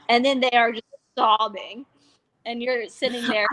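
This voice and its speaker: A woman's voice: on the high side, flat delivery, a little slow, a bit bright, rough recording. Chatty woman guest. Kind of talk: casual chat.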